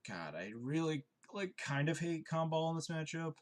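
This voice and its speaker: A young man commentating his own card game on a live stream, chatty and wry, thinking out loud. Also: a little high, sing-song, moderate pace.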